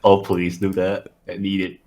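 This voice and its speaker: A man's voice: low voice, completely flat delivery, normal speed, warm tone. Dry, teasing man on a podcast. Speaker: podcast co-host. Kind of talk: casual chat.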